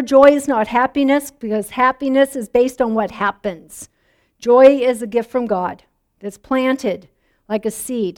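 A woman pastor preaching a sermon in a church, talking conversationally and putting questions to the congregation. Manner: drops soft and low when praying.

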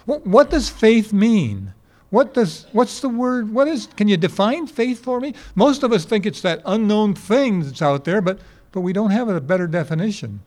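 Elderly preacher telling folksy stories. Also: male voice, high voice, sing-song, normal speed, a little mellow. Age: 80s. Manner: folksy storytelling with rhetorical questions. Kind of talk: sermon. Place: before a congregation.

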